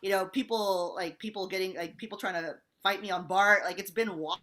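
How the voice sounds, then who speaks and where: A woman stand-up comedian telling stories in a blunt, animated way. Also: mid-range voice, fairly quick. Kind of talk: casual chat.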